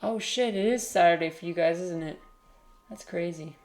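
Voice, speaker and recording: A woman livestreaming in casual chat, rambling and hesitant with many fillers and restarts, now and then cooing softly to her cat. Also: lowish voice, moderate pace. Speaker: livestreamer and teacher.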